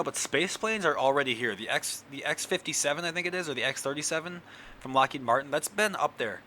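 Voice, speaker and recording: A man's voice: medium pitch, lively intonation, a little fast, sharp tone, a little hiss or hum. A young man hosting a comedy show at home, talking to camera in a rambling, profane, sarcastic monologue. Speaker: comedian host. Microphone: camera recording.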